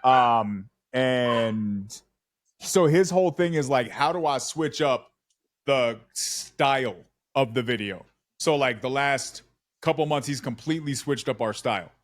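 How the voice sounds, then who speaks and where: A man chatting casually on a podcast and telling stories in a slangy, animated way. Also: mid-range voice, measured pace, dry recording, studio quality.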